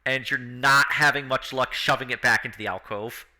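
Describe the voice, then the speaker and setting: A man running a tabletop game as game master, narrating and briefly voicing the people in the scene. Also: mid-range voice. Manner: lively, laughing, drops into quick character voices.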